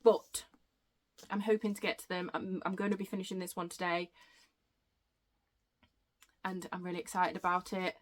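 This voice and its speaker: A woman chatting excitedly on her book vlog, gushing and rambling with self-interruptions, a bit out of breath. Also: on the low side, normal speed, pauses often. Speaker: book vlogger. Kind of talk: casual chatty book review.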